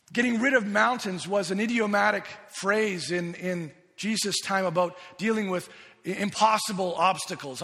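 A man with a high voice delivers a sermon, earnest and emphatic, stumbling over and repeating words as he builds his point. His voice rings with the long reverb of a big hall. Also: sharp tone. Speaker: pastor.

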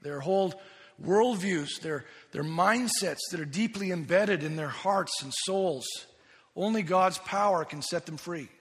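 A man's voice: high-pitched, a little slow, fairly bright tone. A man preaching a sermon as pastor, earnest and emphatic, often restarting and repeating his words. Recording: long reverb of a large hall.

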